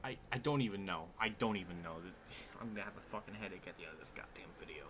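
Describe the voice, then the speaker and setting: A man's voice: low-pitched, fast. A man streaming a racing game at his desk at home, giving live commentary full of exasperated, swearing outbursts. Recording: steady background noise.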